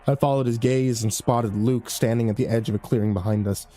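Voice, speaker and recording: A man tells a first-person horror story in a measured, grim voice. His tone is dark and mellow, with faint music playing under the narration. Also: mid-range voice, fairly even intonation.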